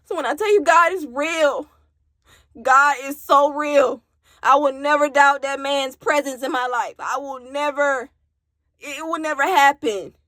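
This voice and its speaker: A woman from Alabama speaks in a somewhat high voice. She tells her own story in a raw, candid way, cursing and talking straight to her viewers. The sound is dry, with no room echo. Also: a little slow, sharp tone. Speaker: vlogger telling her story. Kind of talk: emotional personal storytime.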